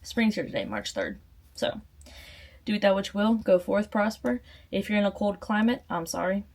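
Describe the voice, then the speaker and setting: A woman's voice: medium pitch, animated, normal speed, a little mellow. A woman, rambling playfully through her vlog outro. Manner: playful, rambling, self-deprecating. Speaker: vlogger.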